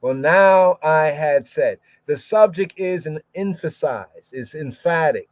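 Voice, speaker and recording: A man's voice: on the high side, slow pace, dry recording. A man teaching scripture verse by verse, sounding out each word and repeating phrases many times. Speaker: Bible teacher. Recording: dull lo-fi podcast audio.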